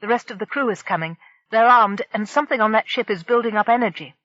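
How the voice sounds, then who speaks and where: A woman's voice: fairly high pitch, quick pace, a bit bright, no echo, muffled recording. A woman voicing a female brain ship who explains danger in an urgent, precise way. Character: female brain ship, calm and quick-thinking.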